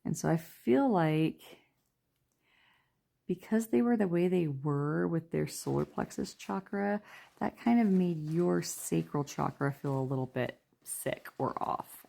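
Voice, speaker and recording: Woman tarot reader, gravelly and dark-toned, hushed and chatty. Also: low-pitched, a little slow. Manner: chatty, rambling, lots of fillers; talking quietly. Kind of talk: casual spoken tarot reading.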